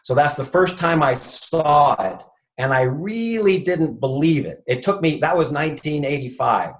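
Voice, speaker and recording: A man's voice: on the high side, expressive, normal speed, poor audio. A man, a chiropractor guest in an interview, telling an anecdote and acting out what each person said. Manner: retells conversations, acting out the quoted speech.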